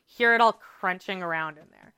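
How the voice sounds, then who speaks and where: A woman co-hosting a podcast recounts a story with animated, dramatic energy and lots of filler words. Her voice is bright and crisp. The sound is dry and close. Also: fairly low pitch, normal speed, dry recording. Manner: animated, dramatic retelling with many "like"s. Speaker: podcast co-host. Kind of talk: casual storytelling chat.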